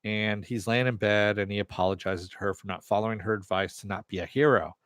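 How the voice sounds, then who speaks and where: A man's voice: on the low side, steady tone, fairly quick, a bit bright, no room sound, clean studio sound. A man hosting a casual TV recap and review, chatty with sarcastic asides and the odd swear. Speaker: TV review host.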